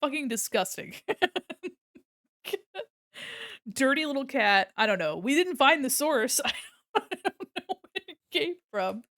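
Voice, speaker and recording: A woman's voice: high-pitched, animated, measured pace, long pauses, fairly bright tone, no room sound, clean studio sound. A woman streamer chatting casually while she draws, giggly and gushing, breaking into laughter often. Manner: gushing and affectionate. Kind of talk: casual livestream chat while drawing.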